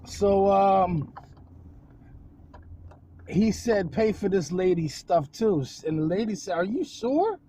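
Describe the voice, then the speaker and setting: A man vlogging outdoors, telling a rambling, jokey story in a casual, animated way. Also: high voice, slow, long pauses, slight background noise. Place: outdoors on a windy day.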